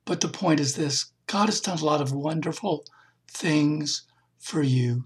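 A man's voice: fairly high pitch, measured pace, breathy edge. A man giving a heartfelt devotional testimony for his podcast, telling a personal story with emphatic feeling. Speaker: podcast speaker.

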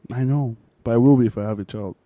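A young man co-hosting a podcast, joking and teasing in relaxed banter. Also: medium pitch, quick pace, muffled recording, a little hiss or hum. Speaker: podcast co-host. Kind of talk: casual chat.

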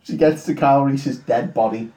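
A man's voice: mid-range voice, normal speed, dark tone. Profane young man recapping a film. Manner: rambling, profane storytelling with mock quotes. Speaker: podcast co-host retelling a film. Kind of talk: crude comedic film recap. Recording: roomy echo.

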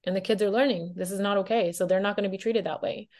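A woman's voice: mid-range voice, fairly even intonation, quick pace, darkish tone. A woman speaking as a teacher guest in a casual podcast chat. She is chatty, laughs often and uses many fillers.

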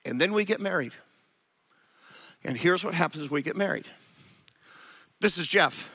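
Bright high-voiced man preaching. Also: normal speed, husky. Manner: animated, acts out quoted voices of spouses. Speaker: pastor. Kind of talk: sermon.

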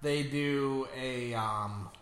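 A man's voice: mid-range voice, extremely slow, fairly bright tone, roomy sound. A man co-hosting a podcast, reviewing a movie in casual, joking and rambling chat. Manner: joking, rambling, laughs often. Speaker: podcast co-host.

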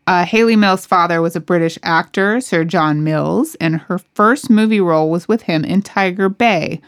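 A woman co-hosting a podcast, relaxed and chatty as she shares trivia about an actress's films. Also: fairly low pitch, moderate pace. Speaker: podcast co-host. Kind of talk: casual chat about film cast trivia.

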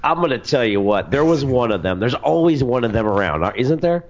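A man's voice: mid-range voice, big pitch swings, a little fast, a crowd in the background. A man calling in to a radio show, chatting casually and stumbling over fillers. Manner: hesitant, full of fillers. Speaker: caller. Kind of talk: phoned-in casual chat. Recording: dull lo-fi radio recording.

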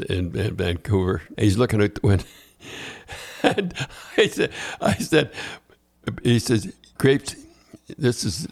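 An older man hosts a casual chat, his voice sitting somewhat low. He tells long anecdotes that wander, stall and start over again and again. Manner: rambling anecdotes with many restarts. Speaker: podcast host.

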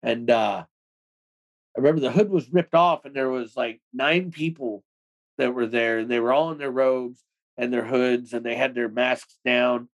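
A man speaking as an interview guest, telling his own story in rapid, loose talk with many "like"s and plenty of swearing. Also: mid-range voice, muffled recording. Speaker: interview guest, former extremist. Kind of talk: casual storytelling in a podcast interview.

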